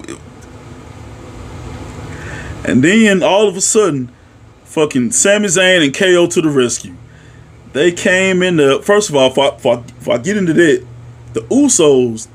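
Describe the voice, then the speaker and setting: A young man excitedly recapping a wrestling show in a casual, profane, animated way, jumping to shouts at the big moments. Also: sits high. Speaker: wrestling reaction vlogger.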